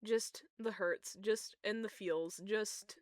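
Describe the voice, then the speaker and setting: A woman's voice: mid-range voice, takes it slowly, no room sound, studio quality. A young woman chatting casually while she draws fan art, emotional and gushing, groaning and squealing. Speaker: streamer drawing fan art. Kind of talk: casual chat while drawing.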